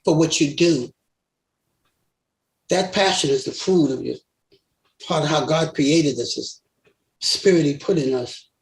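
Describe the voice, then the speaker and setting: An older man, a guest singer in a storytelling interview, recounts tales from his long career in a somewhat high voice, speaking a little slowly with frequent pauses. He laughs often and acts out the voices of the people involved, his words echoing in a roomy space.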